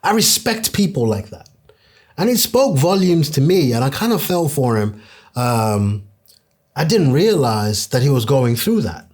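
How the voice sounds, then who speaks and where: A man's voice: mid-range voice, big pitch swings, a little slow, darkish tone. A young man hosting a podcast, talking in an earnest, conversational way and acting out what his friends said. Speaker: podcast host. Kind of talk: casual podcast monologue.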